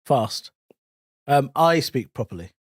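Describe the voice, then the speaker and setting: A man with a received pronunciation accent, co-hosting a casual comedy chat with quick teasing remarks. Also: medium pitch, lively intonation, dry recording. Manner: teasing, quick and dry-witted. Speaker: podcast co-host.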